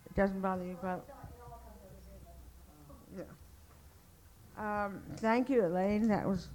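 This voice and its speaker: A woman's voice: mid-range voice, fairly even intonation, slow, a little mellow. A woman moderating a writers' workshop, talking casually and hesitantly with many fillers. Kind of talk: casual group hosting.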